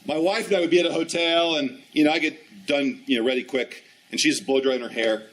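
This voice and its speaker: Lively man in his fifties telling a story. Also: a little high, a little fast, distant mic, poor audio. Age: 50s. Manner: animated storyteller, acts out dialogue. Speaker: ski instructor trainer. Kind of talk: storytelling presentation.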